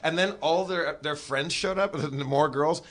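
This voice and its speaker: A man guest telling a comic story, animated and full of stammering restarts. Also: fairly high pitch, unhurried. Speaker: podcast guest.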